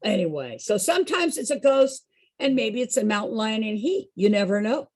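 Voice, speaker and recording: A woman telling a story to a group in an animated way, often asking her listeners questions. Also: on the high side, moderate pace. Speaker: storyteller and song leader.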